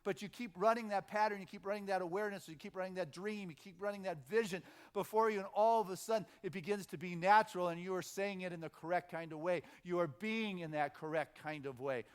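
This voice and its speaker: A man's voice: high voice, steady tone, fast talker, hardly any pauses, clear, resonant tone. A middle-aged male minister giving an informal, conversational sermon at a spiritual center, stopping and restarting, then building momentum through repeated phrases.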